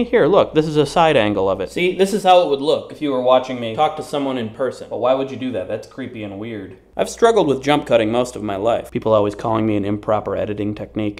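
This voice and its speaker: A man delivering a comedic vlog monologue with deadpan, rapid-fire jokes. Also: medium pitch. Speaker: vlogger.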